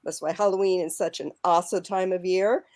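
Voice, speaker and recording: A woman on a live stream as the guest's wife, telling a story in a relaxed, lively way. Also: lowish voice, a little fast. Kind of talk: casual storytelling on a video call.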